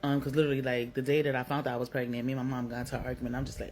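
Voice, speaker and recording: A woman's voice: a bass voice, little pitch movement, racing, hardly any pauses, darkish tone, slight background noise, low-quality recording. Blunt, slangy New York woman. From Brooklyn, New York. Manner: blunt, slangy, swears freely, lots of "like" fillers. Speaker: vlogger telling her own story. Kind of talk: candid storytime narration.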